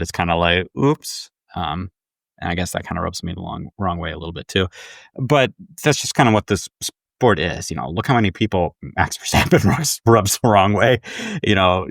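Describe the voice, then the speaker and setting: In clean, echo-free studio sound, this man co-hosts a podcast, his low voice carrying a fairly bright tone. His casual chat is peppered with fillers and frequent restarts.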